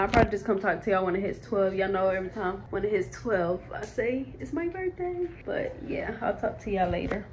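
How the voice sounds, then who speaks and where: In a rented house, a woman in her 20s vlogs casually and heartfeltly, speaking directly to her viewers. Her voice is mid-range and she's far from the mic, so the home audio sounds roomy and slightly dull.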